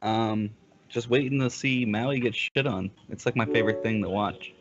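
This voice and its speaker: A man's voice: on the low side, normal speed. Joking man on a gaming stream. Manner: joking, teasing banter. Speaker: league commentator and player. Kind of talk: casual live stream commentary. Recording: dull lo-fi stream audio.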